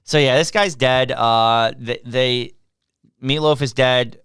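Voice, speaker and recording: In a dry, clean studio recording, a man co-hosting a podcast chats casually through a movie recap with exasperated sarcasm. He speaks slowly in a steady, medium-pitched voice that's clean and a bit bright.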